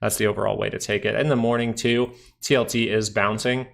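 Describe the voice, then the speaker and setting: A man's voice: fairly low pitch, little pitch movement, a little fast, vocal fry, a bit bright. A man hosting a live stream, casually talking through stock charts and trade setups as he looks at them. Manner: casual, thinking aloud over charts.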